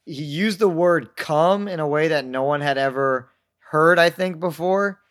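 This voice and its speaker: Young guy rambling thru funny stories, voice a bit on the high side, does little voices for people. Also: unhurried, fairly bright tone. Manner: rambling, self-mocking, acts out quoted voices. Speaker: podcast guest telling stories. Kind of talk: casual storytelling chat.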